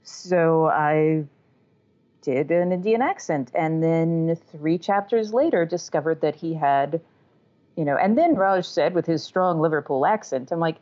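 A woman from the American South talks frankly about narrating audiobooks, with a chatty, self-deprecating manner. Her voice sits low and comes through a dull, muffled recording. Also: unhurried, a little mellow. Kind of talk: casual interview conversation. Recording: dull lo-fi sound.

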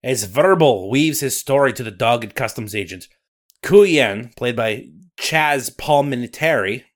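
A man's voice: mid-range voice, expressive, slow. A man voicing a sly male Loch Ness monster with a put-on Scottish accent, telling a tale in a dramatic, theatrical way for a comedy podcast bit. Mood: dramatic storytelling. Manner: dramatic narrating, rolled-up storytelling.

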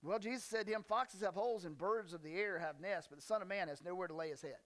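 A male pastor preaching a casual, conversational sermon, folksy and joking with slang asides, and reading scripture with animated emphasis. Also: sits high, fast.

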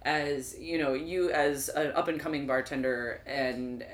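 Low-voiced woman, animated bar stories. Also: measured pace, slight background noise. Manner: animated storyteller, swears freely. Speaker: bartender and podcast co-host. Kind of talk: casual chat. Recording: echoey room with faint ambience.

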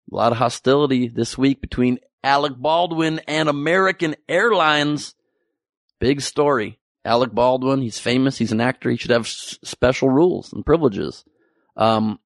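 Male comedian, sarcastic and profane, gravelly edge, dry close sound. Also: medium pitch, no echo. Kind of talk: topical comedy monologue.

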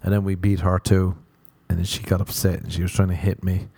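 His deep, gravelly voice is warm with a breathy edge, delivered flatly and fairly quickly. He's an Irish stand-up comic, sunburnt, rambling through profane, playful podcast stories and mimicking others in mocking quoted voices. No room sound is audible.

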